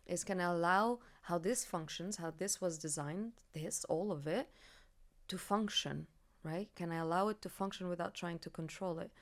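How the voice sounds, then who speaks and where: A woman hosting a podcast, talking earnestly and expressively in a reflective conversation, getting animated when she makes a point. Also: lowish voice, moderate pace. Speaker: podcast host.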